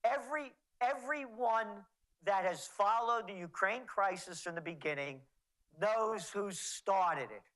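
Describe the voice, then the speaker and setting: A man's voice: high voice, unhurried, fairly bright tone, rough recording. A man being interviewed as a trends forecaster, talking in a sarcastic, mocking way. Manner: sarcastic, mocking, rattling off names. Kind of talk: interview commentary.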